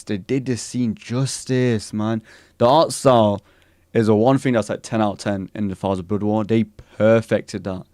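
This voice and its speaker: A man streaming live, reacting to anime news in excited casual chat and answering his chat. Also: lowish voice, no echo, studio quality.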